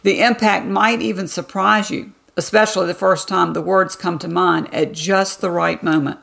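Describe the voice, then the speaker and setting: A woman hosting a devotional podcast, giving a scripted teaching in a calm, measured reading with deliberate emphasis. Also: fairly low pitch, creaky.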